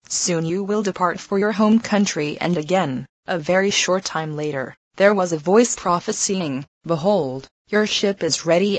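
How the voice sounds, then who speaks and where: Brief: woman narrator, low voice, measured and solemn, dry close recording. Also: no room sound, rough recording. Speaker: reader. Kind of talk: scripted narration of a religious text.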